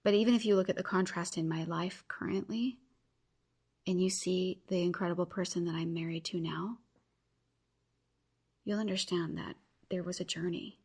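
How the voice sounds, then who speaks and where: Husky-voiced woman giving earnest encouragement. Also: lowish voice, fairly even intonation, normal speed, long pauses, a little mellow. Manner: earnest, encouraging, addresses listeners directly. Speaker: podcast host. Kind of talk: motivational podcast talk.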